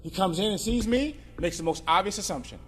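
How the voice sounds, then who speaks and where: A male attorney telling a humorous story to an audience, with joking, animated asides. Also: high-pitched, brisk. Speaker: attorney and speaker.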